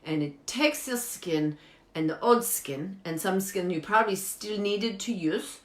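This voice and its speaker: A woman playing an eccentric woman who gives absurd beauty tips, talking earnestly and deadpan in broken English. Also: medium pitch, unhurried, natural voice. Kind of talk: improvised comedy character monologue. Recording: echoey room.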